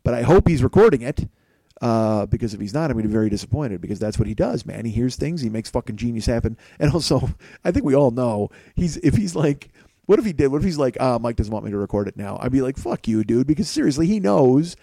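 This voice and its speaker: A man's voice: medium pitch, animated, fast, creaky, dark tone, no room sound. A man hosting a podcast, talking in a casual, rambling monologue that is full of swearing and self-mockery, from his home kitchen. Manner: profane, self-mocking, rambling. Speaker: podcast host.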